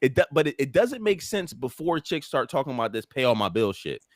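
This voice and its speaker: A man co-hosting a podcast, arguing his point in a lively casual way. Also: medium pitch, a little fast, no echo, clean studio sound. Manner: lively, argumentative, laughs often. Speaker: podcast co-host. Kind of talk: casual chat.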